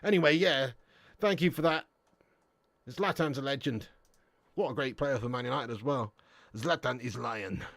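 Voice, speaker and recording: A man's voice: medium pitch, moderate pace, pauses often, a bit bright, dry recording. A young English man hosting a football live stream, reading chat messages and bantering with viewers in a slangy, swearing, laugh-filled way. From England.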